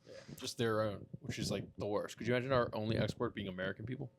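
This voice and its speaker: A young man co-hosting a podcast, tossing in quick, wry asides during casual banter. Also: on the low side, creaky. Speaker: podcast co-host.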